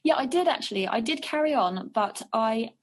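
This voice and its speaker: A woman's voice: a little high, animated, normal speed. Woman singer being interviewed, chatty, lots of ums and starting over. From England. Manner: chatty, rambling, many fillers and restarts. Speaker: jazz and soul singer, guest. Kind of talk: casual interview chat. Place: living on the French Riviera.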